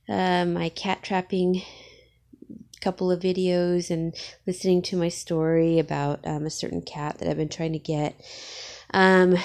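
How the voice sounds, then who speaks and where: Woman vlogger, teary and sniffling, halting delivery, slightly low voice, home garage. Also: darkish tone. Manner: tearful, sniffling, halting with many fillers. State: teary from crying. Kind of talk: casual vlog talk.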